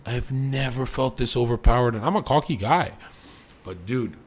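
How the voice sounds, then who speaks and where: A young man streaming live, boastful and profane, jumping between loud bursts and low mutters. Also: animated, normal speed. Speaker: livestreamer.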